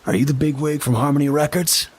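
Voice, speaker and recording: Brief: smug, prying older official, played by a man, raised pitch, husky. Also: steady tone, quick pace. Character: smug high-ranking older male official smoking.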